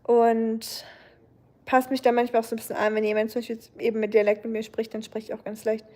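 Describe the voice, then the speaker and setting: A woman with a German accent chats casually with her stream viewers, rambling on with plenty of fillers. Her voice sits a little high but sounds soft and mellow. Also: flat delivery, fast talker. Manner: chatty and rambling, with lots of fillers. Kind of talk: casual chat with viewers while gaming.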